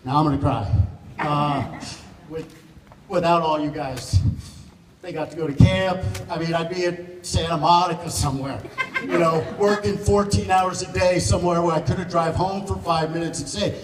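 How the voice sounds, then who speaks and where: A man's voice: a little high, normal speed. A man giving a rambling, joking thank-you speech at an event, chuckling often and close to tears. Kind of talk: emotional off-the-cuff speech. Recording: echoey hall from far off, noisy room.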